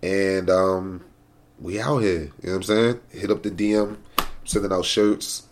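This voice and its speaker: A man speaking as a podcast guest in casual chat, laid-back and spelling things out slowly. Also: sits low, steady tone, slight background noise.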